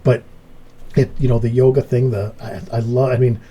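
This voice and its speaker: A middle-aged man hosting a relaxed group chat, telling stories with lively jumps in pitch when he acts out what he said. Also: normal speed, slightly rough. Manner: animated storyteller, voice jumps up when acting out his story. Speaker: podcast host. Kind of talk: casual chat.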